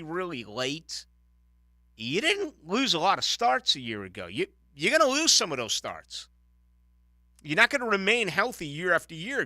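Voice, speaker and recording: A man's voice: a little high, no echo, studio quality. A man hosting a sports talk radio show, giving opinionated commentary with frequent restarts. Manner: opinionated, animated, halting restarts.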